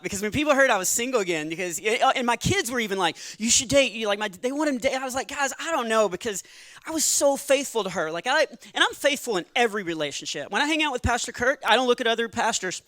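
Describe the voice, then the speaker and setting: A middle-aged man doing stand-up comedy on a church stage, shifting between earnest testimony and playful jokes, with quick asides and laughs at his own lines. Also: very high voice, expressive, a bit bright, no echo. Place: church stage before a live audience.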